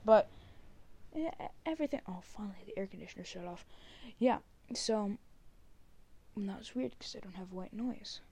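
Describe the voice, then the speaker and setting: A woman hosts her own podcast in loose, casual chat at an average pitch. She meanders between thoughts with plenty of fillers. She often drops to a soft, breathy mumble at the ends of phrases. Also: moderate pace, pauses often. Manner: rambling, many fillers, trails off softly. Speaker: podcast host.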